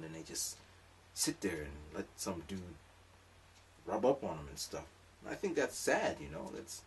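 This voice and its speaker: A man's voice: low voice, recorded from a distance, a little hiss or hum. A man telling a rambling, comic story in a casual monologue, full of asides. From lives in Japan.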